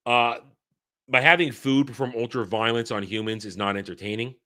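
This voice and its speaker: A man's voice: mid-range voice, steady tone, brisk, sharp tone. A man giving a blunt, exasperated film review, swearing freely and repeating himself for emphasis.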